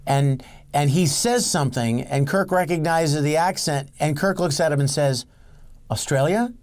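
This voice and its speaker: A man talking as a guest in a casual interview, animated and enthusiastic, often repeating his words. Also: fairly high pitch, normal speed. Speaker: guest, filmmaker.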